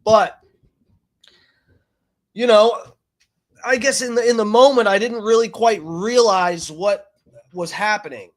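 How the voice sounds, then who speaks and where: A man's voice: sits high, slow pace, pauses often. A man streaming, telling a long story in a profane, rambling way with many fillers and restarts. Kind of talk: casual ranting story.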